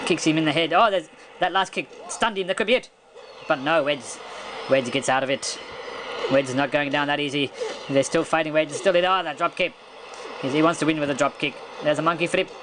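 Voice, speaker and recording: A man giving excitable play-by-play commentary on a video game wrestling match, chuckling and stumbling over his words, his voice jumping high at big moves. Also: background noise.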